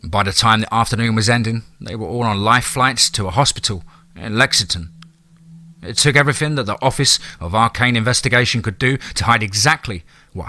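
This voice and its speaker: A man narrating a scripted horror story in a measured, dramatic way. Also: mid-range voice, sharp tone, dry recording.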